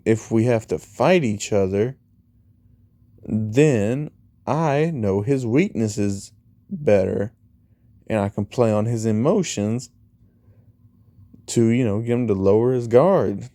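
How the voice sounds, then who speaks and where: Slow, mellow man rambling through a story. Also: lowish voice, animated, no echo. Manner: rambling, retells dialogue with 'he's like' and 'you know'. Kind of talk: casual fan-fiction storytelling.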